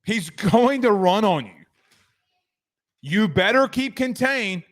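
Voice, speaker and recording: Man, sports host, high voice, rambling, jokey asides. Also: lively intonation, slow pace. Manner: rambling, joking, trails off into asides. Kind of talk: casual sports commentary.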